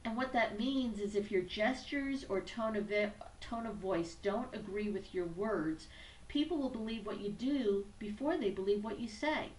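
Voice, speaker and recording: A woman's voice: medium pitch, normal speed. A woman presenting a business training tutorial in an upbeat, conversational teaching manner. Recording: roomy echo, distant mic, faint background noise.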